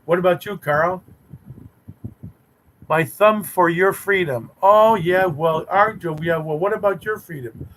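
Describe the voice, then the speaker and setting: A man's voice: high voice, measured pace, fairly bright tone, slight background noise, rough recording. A man hosting a live stream, chatting with viewers in a teasing, mock-romantic way. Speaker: livestream host reading chat. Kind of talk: rambling playful live chat.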